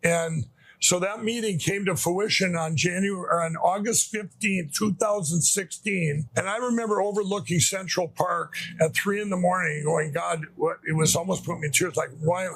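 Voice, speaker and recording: A man's voice: high voice, moderate pace, gravelly, fairly bright tone, slight background noise. A middle-aged man telling his personal story in an interview, rambling with frequent restarts and emotional asides. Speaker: interview guest. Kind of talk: conversational storytelling.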